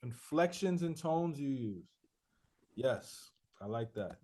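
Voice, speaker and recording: A man's voice: medium pitch, expressive, takes it slowly, darkish tone, a little hiss or hum. A man teaching a rhythm class, repeating student answers back and scatting syllable patterns to demonstrate flows. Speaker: rap rhythm instructor. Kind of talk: casual class review.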